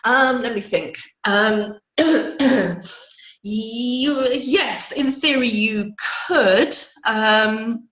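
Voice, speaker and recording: A woman with a hoarse voice teaching spreadsheet functions in a live webinar, patiently checking in with her listeners. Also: fairly high pitch, very slow, fairly bright tone, reverberant, low-quality recording. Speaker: Excel trainer.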